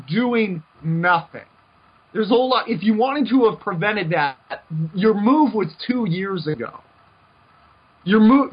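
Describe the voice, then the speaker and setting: Man, podcast host, heated rant, husky high voice, dull lo-fi sound. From United States. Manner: heated, repetitive, stumbling restarts. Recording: dull lo-fi recording.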